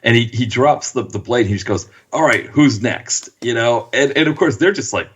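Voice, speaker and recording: A man's voice: medium pitch, fast talker, husky. A man guesting on a casual film podcast, laughing often and acting out scenes.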